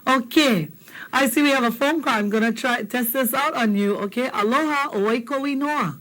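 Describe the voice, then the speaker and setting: A woman from Hawaii, teaching a casual language lesson, joking and repeating phrases slowly for learners. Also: high voice, a bit bright.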